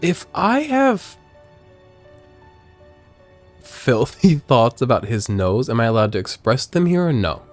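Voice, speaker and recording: A man's voice: medium pitch, sing-song, takes it slowly, long pauses, soft background music. A man in his thirties from Missouri, chatting and joking candidly as he streams a video game. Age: 30s. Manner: rambling, joking, candid storytelling. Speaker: gaming streamer. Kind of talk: casual let's-play commentary.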